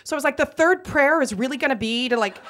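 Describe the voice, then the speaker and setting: A woman telling a comic true story live on stage, animated and acting out the people she quotes. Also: sits high, quick pace, a little hiss or hum. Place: theater stage before an audience.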